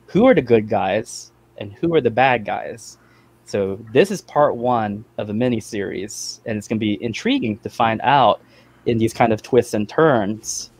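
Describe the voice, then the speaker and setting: Man casually pitching comics. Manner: enthusiastic pitching, jokey. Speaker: comics creator co-hosting a stream. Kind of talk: casual livestream chat.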